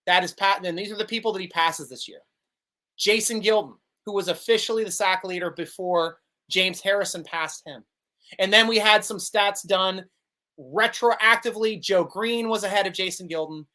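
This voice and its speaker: A man hosting a live sports vidcast, excitable and quick to laugh as he reads viewer comments. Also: high-pitched. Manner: excitable, laughs often, animated. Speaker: host.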